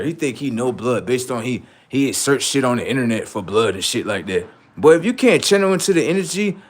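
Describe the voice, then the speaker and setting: A man hosting a livestream, talking in heated banter with a mocking, argumentative, slang-heavy manner and heavy swearing. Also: fairly high pitch. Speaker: livestream host.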